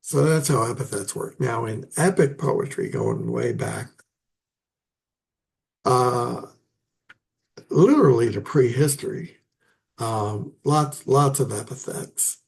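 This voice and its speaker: A man giving a casual, halting lecture on poetry, with many fillers and restarts. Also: mid-range voice, gravelly, darkish tone. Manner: halting, many fillers and restarts, chuckles at his own asides. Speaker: literature teacher.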